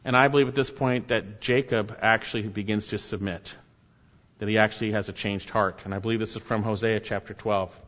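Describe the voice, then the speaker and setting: A man preaching a sermon, asking rhetorical questions and repeating key phrases, his voice swinging from high and loud to low and quiet. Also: fairly even intonation, brisk. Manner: repeats key phrases, rhetorical questions, rises and drops sharply in pitch and volume. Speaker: pastor. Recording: dull sound in a hall with long echo.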